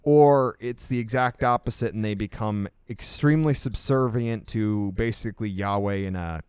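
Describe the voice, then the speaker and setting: A man's voice: lowish voice, moderate pace, darkish tone, clean tone, no echo. A man co-hosting a casual discussion, explaining his points in an emphatic, lecturing way. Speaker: podcast co-host.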